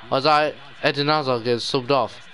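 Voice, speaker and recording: Glum young gamer muttering. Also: male voice, mid-range voice, fairly even intonation, moderate pace, sharp tone. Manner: despairing, muttering, sudden outbursts. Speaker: gaming YouTuber. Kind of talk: live gameplay commentary.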